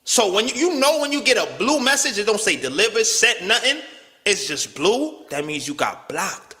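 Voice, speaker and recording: Animated high-pitched man telling a story. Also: normal speed, long reverb tail. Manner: animated, slangy, swings pitch widely, acts out quotes. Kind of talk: casual storytelling rant.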